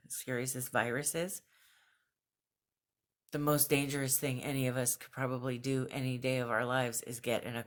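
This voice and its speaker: A woman records a casual video journal at home, speaking to camera in an unscripted way. She is earnest and reflective, with fillers and the odd soft laugh. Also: extremely low pitch. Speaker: vlogger. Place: at home, just out of bed.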